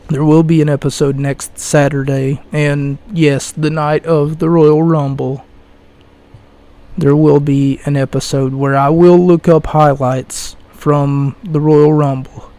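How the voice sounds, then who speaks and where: A young man hosts his own podcast alone, ranting in a mocking tone with sudden loud bursts of passion. He talks at a slow, drawn-out pace in a fairly high voice. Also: level tone. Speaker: podcast host. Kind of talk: solo podcast rant.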